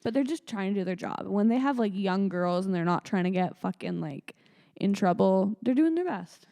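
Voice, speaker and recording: A woman's voice: mid-range voice, moderate pace. A young woman from Canada co-hosting a podcast, telling stories in a casual, blunt and joking way. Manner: animated storytelling, blunt and joking. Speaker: podcast co-host. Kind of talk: casual chat.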